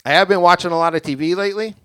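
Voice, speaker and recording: Young guy doing standup, dry deadpan rambling, smooth clear voice, kinda tipsy. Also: high-pitched, rapid-fire, no echo. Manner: deadpan, rambling, self-deprecating. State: tipsy from drinking. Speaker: stand-up comic. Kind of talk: stand-up comedy set. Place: small creative community venue with live audience.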